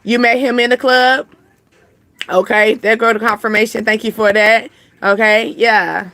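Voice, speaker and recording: A woman's voice: fairly high pitch, steady tone, a little slow, sharp tone. A woman hosting a casual live reading, rambling chattily and answering comments from her chat. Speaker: channel host giving intuitive readings.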